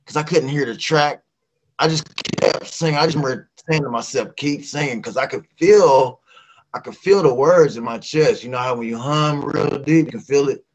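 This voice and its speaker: A middle-aged man from West Virginia, a guest singer telling a lively casual story and acting out the voices of people in it. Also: mid-range voice, moderate pace, rough recording.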